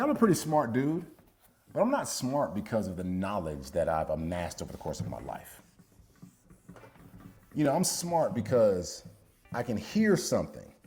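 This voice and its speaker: A man's voice: on the low side, a little mellow, a little hiss or hum. A man, a former football player turned business coach, telling a story to camera and quoting a friend aloud with frequent laughs.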